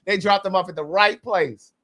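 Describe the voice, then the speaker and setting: A woman's voice: medium pitch, moderate pace, a bit bright. A woman hosting a casual podcast chat, talking bluntly and emphatically with plenty of profanity. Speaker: podcast host.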